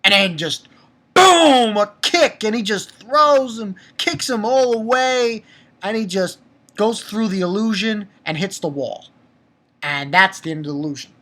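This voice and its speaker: A man giving a casual, excitable spoken review of a manga chapter, swearing and repeating himself for emphasis. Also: high-pitched, moderate pace. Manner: excitable, profane, laughs often; repetitive, emphatic.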